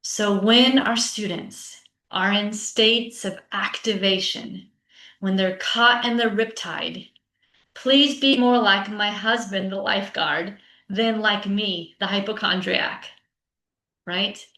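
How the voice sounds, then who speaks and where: A woman with a medium-pitched, sharp voice speaks slowly and fairly evenly in a conference talk for teachers, where she appears as a teacher coach. Her manner is conversational, and she keeps checking in with "right?" The online session has a chat, and the audio carries a roomy echo.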